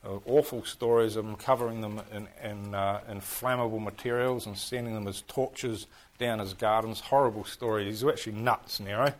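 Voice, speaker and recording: A man with a New Zealand accent teaching a class, lively and full of questions to his listeners. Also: fairly low pitch, moderate pace. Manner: animated, keeps firing questions at the class. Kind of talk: interactive history class on church history.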